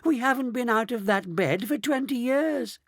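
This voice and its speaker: A man voicing an excitable, dramatic old grandmother with a shrill voice, in a storybook reading. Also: moderate pace, vocal fry, no room sound, studio quality, heavily acted. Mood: panicked.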